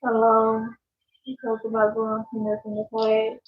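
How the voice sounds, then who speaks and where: Woman, casual live stream host, laughs a lot, high voice, echoey room. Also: completely flat delivery, normal speed. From Mississippi. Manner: chatty, laughs often, reads out viewer comments. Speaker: channel host. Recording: echoey, dull lo-fi sound.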